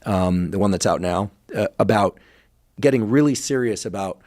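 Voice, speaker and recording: Male interviewer, slightly low voice; polite, halting delivery full of ums. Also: darkish tone. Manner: hesitant, many fillers, polite. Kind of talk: casual interview conversation.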